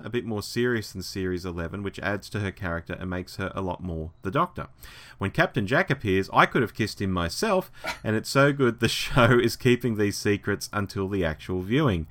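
A man's voice: fairly low pitch, a bit bright. A man hosting a casual podcast, reading listener messages with enthusiasm. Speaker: podcast host. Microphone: remote call line.

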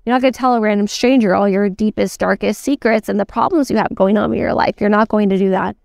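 Brief: female sales coach, emphatic and chatty, smooth voice, dry close sound. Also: medium pitch, fairly even intonation, fast, darkish tone, no echo. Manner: emphatic, chatty, lots of "like" and "okay?". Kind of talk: teaching lesson.

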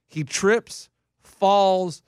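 A man with a high, light voice tells stories about his young kids, mimicking their whiny lines with quick bursts of speed. The sound is close and dry, with no room around it. It is loose, friendly podcast banter. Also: clear, resonant tone, no echo. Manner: animated storyteller acting out his kids. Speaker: podcast co-host. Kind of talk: casual chat.

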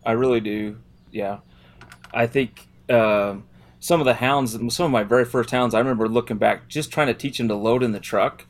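A man's voice: medium pitch, moderate pace. A man talking casually as a podcast guest, a dog trainer, rambling and laughing often. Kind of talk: casual chat.

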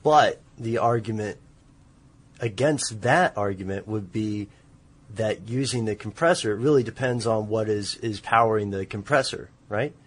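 A man's voice: on the low side, moderate pace. A man hosting a casual talk, asking questions and sometimes stumbling over his words. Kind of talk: casual conversation.

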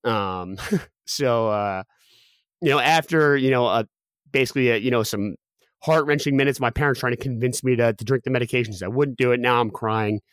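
A man in his thirties, a podcast guest, telling a personal story quickly with many restarts and fillers. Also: medium pitch, clear, resonant tone, no echo. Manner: rapid, with frequent restarts and fillers.

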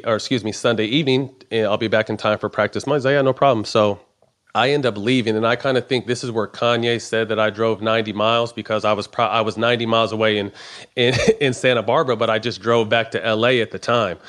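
A middle-aged man casually telling a long personal story, swearing often and acting out the dialogue. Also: medium pitch. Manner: profane, animated storytelling with quoted dialogue. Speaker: podcast guest.

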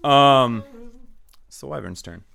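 A man's voice: mid-range voice, expressive, slow pace, gravelly, crowd noise. A man narrating as dungeon master in a loose, casual way, full of filler words. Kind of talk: narrating a tabletop game.

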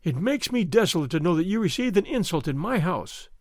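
A man's voice: high voice, sing-song, fairly quick, dry recording, clean studio sound. A man doing a lazy drawling nobleman. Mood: languid. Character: languid idle young nobleman, averse to effort.

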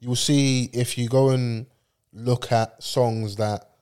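A man with a lisp co-hosting a casual podcast chat, asking quick rambling questions. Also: medium pitch, steady tone, darkish tone, smooth. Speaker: podcast co-host.

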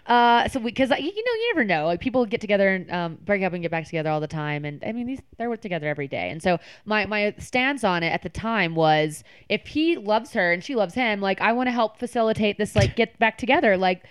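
A young woman telling a story in casual chat, animated and full of filler words. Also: medium pitch, fast, few pauses, smooth, no room sound. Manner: animated, chatty, many "like" fillers.

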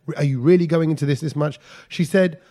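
A man co-hosts a radio chat, his voice set high and his delivery rapid. He tells stories animatedly, slipping into impressions of strangers he overheard and laughing along the way. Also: dark tone. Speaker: radio co-host. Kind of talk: casual studio banter.

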